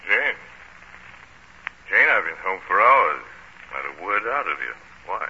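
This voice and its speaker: An actor playing a brooding, commanding master of the house in a vintage radio drama, with a forceful, intense manner. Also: male voice, low-pitched, sing-song, a little slow, full character voice. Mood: probing. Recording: dull old radio recording, faint hiss.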